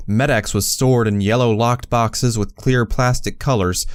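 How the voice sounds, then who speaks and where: A man narrating a fan fiction audiobook in the first person, measured and reflective. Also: medium pitch, fairly even intonation, smooth, dry recording.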